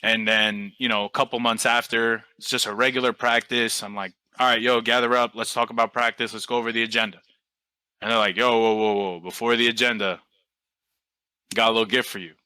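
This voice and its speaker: Guest spot: young New man, bright voice, dry close sound, loose storyteller who swears casually. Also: medium pitch, little pitch movement, brisk, clean tone, no echo, rough recording. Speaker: podcast guest, team coach.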